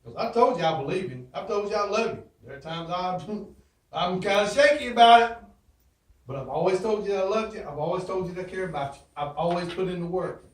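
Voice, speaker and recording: High-voiced man teaching in an echoey classroom. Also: lively intonation, brisk. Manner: emphatic, repeats catchphrases, asks the class questions. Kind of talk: motivational classroom talk. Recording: roomy echo, from far off.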